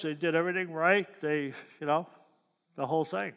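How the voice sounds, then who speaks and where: A man's voice: fairly high pitch, fairly even intonation, a little fast, gravelly, fairly bright tone, clear, resonant tone. A man preaching a sermon in a folksy way, often asking his listeners questions. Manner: folksy, asks the crowd questions. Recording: long hall reverb.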